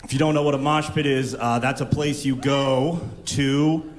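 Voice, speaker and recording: A man performing a stand-up comedy set, animated and breaking into shouted character bits. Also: mid-range voice, moderate pace.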